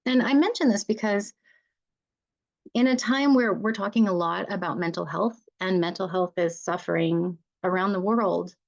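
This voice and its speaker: A woman's voice: medium pitch, normal speed, gravelly, highs cut off. A woman mediator giving an earnest, encouraging conference talk to fellow mediators, often checking in with "right?".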